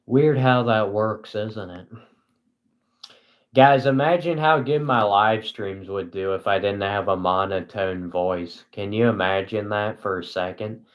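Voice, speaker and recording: A young man hosting a casual live stream, talking to his chat in a flat, dry, self-mocking monotone. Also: on the low side, unhurried.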